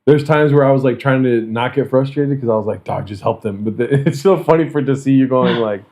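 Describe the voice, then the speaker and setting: A young man hosts a podcast, chatting casually, joking, laughing a lot and swearing freely. His voice is medium-pitched and a little mellow, and he talks a little fast.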